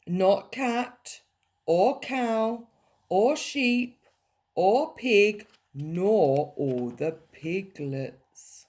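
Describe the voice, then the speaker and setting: Animated woman reading a children's story. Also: mid-range voice, very slow. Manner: animated, playful, with sound effects. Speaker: teacher reading a picture book. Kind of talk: storybook read-aloud for children.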